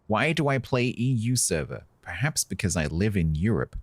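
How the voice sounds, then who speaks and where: Chatting casually on a live stream of a naval game, this British man keeps up dry, sarcastic banter with his viewers. His voice is on the low side and sing-song, delivered at a normal speed with no room sound.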